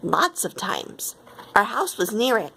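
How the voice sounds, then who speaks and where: A woman's voice: medium pitch, big pitch swings, slow, creaky, bright, forceful tone, a little hiss or hum, heavily acted. A woman reading as a friendly schoolboy.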